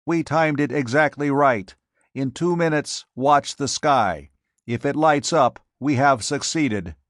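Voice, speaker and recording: A man voicing a calm, commanding male alien survivor who gives precise instructions. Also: medium pitch, takes it slowly, no echo, studio quality, pitched above the performer's own voice. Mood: pleased.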